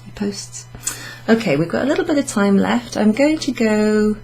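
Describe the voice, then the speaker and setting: A woman teaching Italian in a relaxed, chatty classroom way, laughing often and saying her examples slowly. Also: mid-range voice, creaky, a little hiss or hum, poor audio. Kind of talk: casual classroom explanation.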